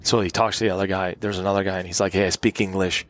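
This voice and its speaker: Low-voiced man telling a hunting story. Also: level tone, racing, no room sound, clean studio sound. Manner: rambling anecdotal storytelling, acts out quoted people. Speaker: podcast guest. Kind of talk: casual storytelling interview. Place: cabin.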